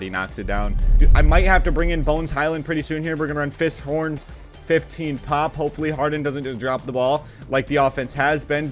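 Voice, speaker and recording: Excitable man calling his own game. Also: on the high side. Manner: excitable, quickly frustrated, talks to the players on screen; casual slang and swearing. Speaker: gaming channel host. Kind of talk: live video game play-by-play commentary.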